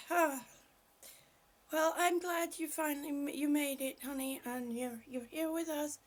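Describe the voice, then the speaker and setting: A woman hosting a casual live stream, greeting viewers by name, short of breath and breathy, often dropping to a whisper. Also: sits high. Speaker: livestream host.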